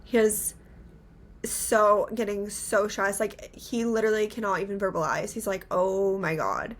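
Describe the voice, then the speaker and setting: A young woman co-hosting a podcast, chatting through a story in an animated way with many filler words. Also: medium pitch, moderate pace. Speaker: podcast co-host. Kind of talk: casual storytelling chat.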